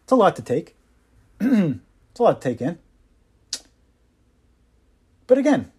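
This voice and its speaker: A man's voice: a little high, wildly swooping pitch, slow, long pauses, a little mellow, husky. A man hosting his own podcast, giving impassioned, sarcastic solo commentary with mocking asides. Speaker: podcast host.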